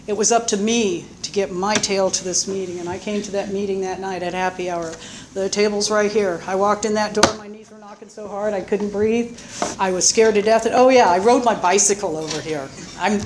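A woman's voice: mid-range voice, noisy background. Candid woman sharing at a recovery meeting. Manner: candid, rambling, self-mocking, frequent restarts. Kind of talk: personal testimony at a meeting. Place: meeting room.

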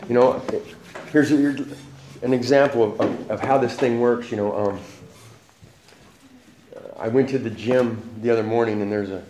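A man's voice: mid-range voice, fairly even intonation, moderate pace, long pauses, roomy sound, background noise. A man giving a candid, profane personal testimony at a recovery meeting, laughing often.

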